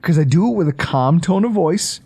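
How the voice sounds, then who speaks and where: A man, co-hosting a podcast in casual, profane, animated storytelling. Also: fairly high pitch, brisk, slightly rough. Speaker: podcast co-host.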